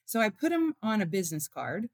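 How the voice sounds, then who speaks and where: A woman's voice: mid-range voice, big pitch swings, brisk, no room sound, clean studio sound. A woman being interviewed as an author and mother, earnestly telling stories and acting out what people said. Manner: earnest, tells stories with quoted dialogue. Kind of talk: heartfelt storytelling in an interview.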